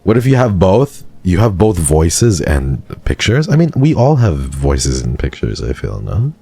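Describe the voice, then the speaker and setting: A man's voice: low-pitched, sing-song, measured pace, vocal fry, mellow, husky, faint music behind. A man streaming live who chats casually with his viewers, answers their questions and thanks them in a playful, teasing way.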